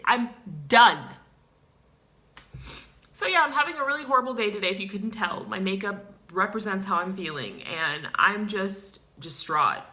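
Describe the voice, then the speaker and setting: A woman's voice: lowish voice, bright, forceful tone. A woman playing a self-pitying woman who identifies as a clown, in a comedic character vlog, sighing and ranting with dramatic outbursts.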